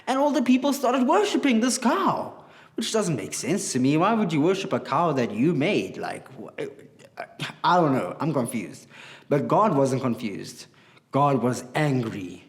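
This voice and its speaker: A man teaching a children's Bible class, telling the story in an animated, chatty way and asking the kids questions. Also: fairly high pitch, a little slow.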